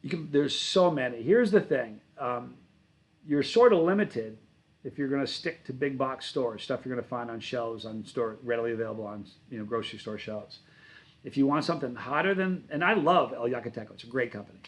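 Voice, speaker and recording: A man's voice: medium pitch, expressive, brisk, poor audio. A man hosting a livestream, reading chat messages and answering in a casual, rambling way, often correcting himself mid-sentence. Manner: rambling, self-correcting, friendly. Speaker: channel host reading live chat.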